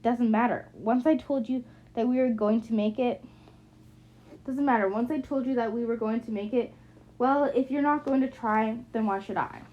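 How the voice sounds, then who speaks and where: Woman voicing a drunk, bitter young sister: mocking and accusing, higher pitch, lo-fi audiobook sound. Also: normal speed, lightly acted. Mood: taunting. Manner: taunting, accusing, slurring anger. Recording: muffled lo-fi recording.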